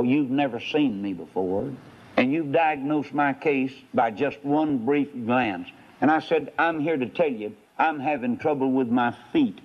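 A man preaching a sermon, telling a story with acted dialogue and swinging up into high, emphatic peaks. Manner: dramatic storytelling, voicing characters, rising to high emphatic peaks. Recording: dull lo-fi sermon recording.

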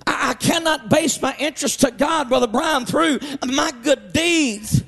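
A man preaching an impassioned sermon, half-singing and shouting his phrases in a church. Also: extremely high pitch, measured pace, vocal fry, big-room sound.

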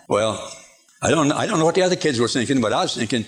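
Lively folksy male preacher. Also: a little high, fast. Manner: folksy, emphatic, repeats himself. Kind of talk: sermon.

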